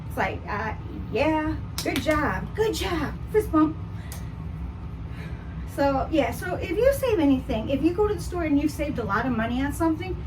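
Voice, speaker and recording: A woman's voice: high voice, very animated, normal speed, recorded from a distance, background noise. A woman from the Detroit area chatting in a rambling casual vlog, with lots of fillers and a little out of breath. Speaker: vlogger. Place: indoors at home, then outdoors at a theme park.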